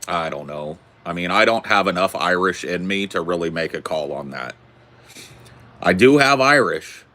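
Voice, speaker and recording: A man in his forties with a very low, deep voice, chatting casually with viewers. He jokes around and rambles at an unhurried, relaxed pace. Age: 40s. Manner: laid-back, joking, rambling. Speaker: streamer answering viewer questions. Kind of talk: casual chat.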